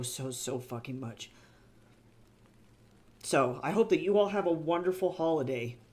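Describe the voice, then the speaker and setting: A man livestreaming to his viewers, teary and gushing, rambling and swearing freely in casual chat from his home office. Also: medium pitch. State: teary, on the verge of crying. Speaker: author and livestreamer.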